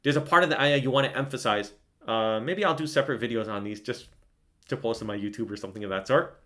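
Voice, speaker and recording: A man's voice: medium pitch, quick pace, fairly bright tone. A man teaching Quran recitation in an online lesson, explaining casually and enthusiastically, often checking in with "right?" and breaking into melodic chanting to demonstrate.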